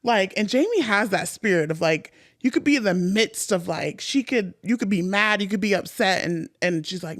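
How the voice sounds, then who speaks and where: A woman's voice: mid-range voice, moderate pace, hardly any pauses, dry recording, clean studio sound. Chatty woman podcast host telling her story. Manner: animated, chatty, lots of "like" fillers. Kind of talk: personal storytelling.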